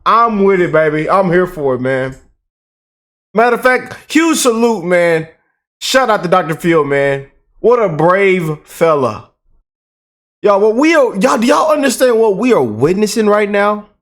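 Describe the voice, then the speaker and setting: A man hosting a reaction video, talking to his viewers in an excitable, hyped way. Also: high voice, measured pace. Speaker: host. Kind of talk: reaction commentary.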